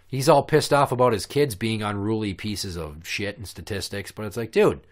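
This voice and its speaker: Over a podcast microphone, a man with kids hosts a casual, ranting show, spinning stories with blunt sarcasm and profanity. His voice is lowish and sing-song, and he talks a little slowly.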